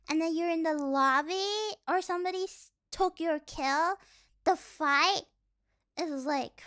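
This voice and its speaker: A woman's voice: sits high, bright, forceful tone. A young woman streaming casually, rambling and giggly, with lots of fillers. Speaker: virtual streamer. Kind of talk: casual livestream chat.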